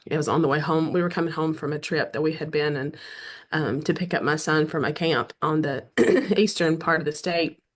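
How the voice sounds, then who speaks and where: A middle-aged woman from the American South speaks with a Southern accent, her voice sitting a little low. She tells her story in a relaxed, chatty way and slips into animated mini-performances of what other people said. She clears her throat now and then between thoughts. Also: fairly quick. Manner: animated, acts out quoted dialogue, frequent throat clearing. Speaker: romance author guest. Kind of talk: casual storytelling interview.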